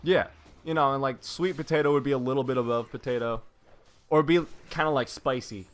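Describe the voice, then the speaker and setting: A man casting a live video game match, joking around between plays and then calling the action excitedly. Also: medium pitch, fairly quick. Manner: jokey, rambling banter that rises into excited play-by-play. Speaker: esports caster.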